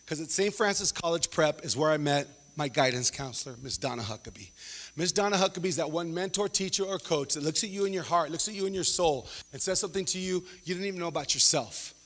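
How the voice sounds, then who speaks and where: Stand-up comic, male, slightly high voice, animated slangy storyteller; hall reverb. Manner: animated, slangy, acts out characters in quick asides. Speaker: stand-up comedian.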